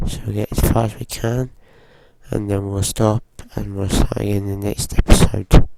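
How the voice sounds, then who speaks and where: A man with a groggy voice from a cold, giving slow, hesitant casual commentary while playing a driving game. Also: lowish voice, little pitch movement, gravelly, background noise. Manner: slow, hesitant, with frequent fillers. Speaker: gaming channel host.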